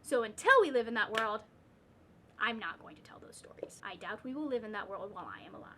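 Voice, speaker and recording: Woman rambling about books at home, high voice, lots of um and like. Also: animated, quick pace, sharp tone, a little hiss or hum. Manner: rambling, ranty, lots of fillers and restarts. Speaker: book vlogger. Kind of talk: casual reading vlog chat.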